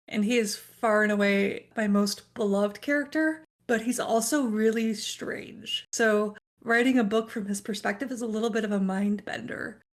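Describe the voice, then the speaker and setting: A woman author, a guest on a podcast, talking relaxed and at length in casual chat. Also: medium pitch, gravelly.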